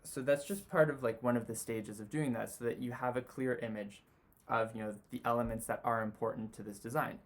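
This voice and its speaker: A man teaching sketching, talking through a drawing as he makes it, relaxed and full of "you know" fillers. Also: mid-range voice, fairly quick. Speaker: design tutor. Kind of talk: sketching demonstration.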